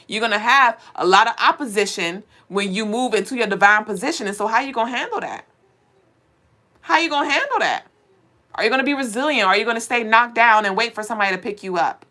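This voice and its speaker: A woman's voice: fairly high pitch, pushed and bright. A woman hosting a live spiritual card reading, talking bluntly and preachily and swearing now and then. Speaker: spiritual reader.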